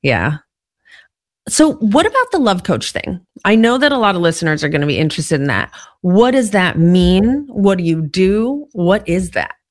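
A woman host with a fairly low voice asks her questions in a thoughtful, reflective way. The recording is dry and close, with no room sound around her. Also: very animated, normal speed, no room sound. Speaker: podcast host. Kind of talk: interview questions.

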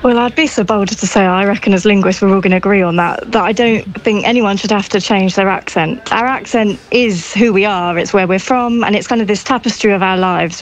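A woman's voice: mid-range voice, low-quality recording. A woman with an Essex accent, a linguist guest on a radio panel, speaking confidently and earnestly.

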